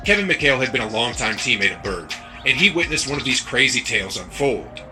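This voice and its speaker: A man giving scripted narration for a sports story video, in an even storytelling read. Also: mid-range voice, fairly quick, music in the background.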